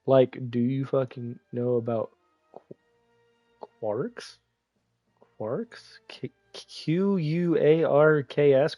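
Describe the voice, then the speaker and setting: A man with congested sinuses talks through a game on his livestream, excitable and teasing, quick to swear. His voice sits a little high, and it sounds close and dry, with faint music playing underneath. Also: dry recording, dull audio. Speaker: streamer. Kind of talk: casual gaming livestream commentary.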